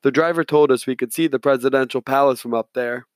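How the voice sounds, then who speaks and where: A man narrating an audiobook in the first person, reading in a measured, steady way. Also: mid-range voice, no room sound.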